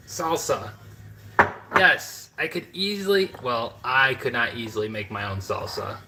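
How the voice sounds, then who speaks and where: A man's voice: mid-range voice, bright, forceful tone, rough recording. A man from the American Midwest, chatting casually to his viewers from his home kitchen, rambling with lots of fillers and asides. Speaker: home cooking vlogger.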